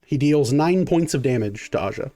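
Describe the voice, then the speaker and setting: A man's voice: mid-range voice, expressive, moderate pace, warm tone, soft background music. A man running a tabletop game as dungeon master, narrating vividly with many fillers.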